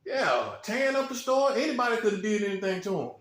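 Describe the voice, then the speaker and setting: A man's voice: sits high, sing-song, fast, a bit bright, roomy sound. A man giving an informal preaching monologue, blunt and repetitive, with slang and chuckles. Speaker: self-styled prophet.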